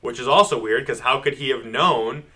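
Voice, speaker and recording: A man co-hosting a casual comic book podcast, recapping the story with lots of laughter and quick acted-out lines from the characters. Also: mid-range voice. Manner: animated, acts out characters' lines in quick voices. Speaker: podcast co-host.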